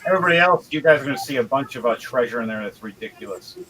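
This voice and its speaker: A man's voice: medium pitch, expressive, rapid-fire, over music, rough recording. A man running a tabletop game as game master, narrating casually with fillers.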